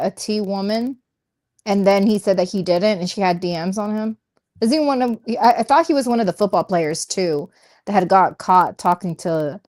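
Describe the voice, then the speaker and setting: A woman's voice: mid-range voice, a little mellow. Chatty, musing female co-host. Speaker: podcast co-host. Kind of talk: casual reaction commentary.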